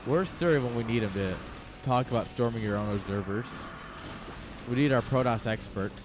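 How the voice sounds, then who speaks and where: A man casting a live game match in a casual, excitable, joking way. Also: mid-range voice, moderate pace, noisy background. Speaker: esports caster.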